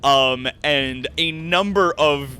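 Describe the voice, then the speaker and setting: A man's voice: a little high, takes it slowly, pushed and bright, slight background noise. A young man narrating a tabletop game as game master, casual, full of fillers and swearing.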